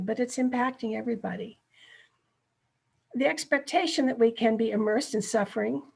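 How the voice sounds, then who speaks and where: A woman's voice: on the high side, vocal fry, a little mellow, breathy edge. A middle-aged woman presenting a ministry workshop over a video call, speaking earnestly and checking in with her listeners.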